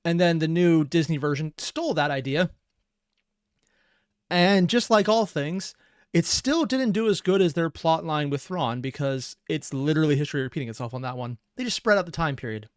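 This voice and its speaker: A man hosting a reaction video, rambling excitably in casual commentary. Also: a little high, normal speed, clean tone, no room sound, clean studio sound. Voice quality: rambling, excitable, laughs often.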